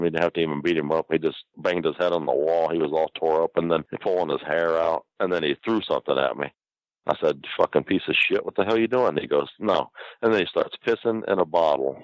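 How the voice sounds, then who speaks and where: An older man with a very low voice tells a long, profane story in a loose, rambling way. He laughs through his own lines. The recording is dry and close. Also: dry recording, dull audio. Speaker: guest. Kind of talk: casual anecdote telling.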